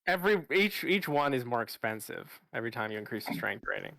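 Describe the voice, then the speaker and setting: A man narrating as game master of a tabletop game, casual and halting, with restarts and fillers. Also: mid-range voice, very animated, creaky, sharp tone, dry recording.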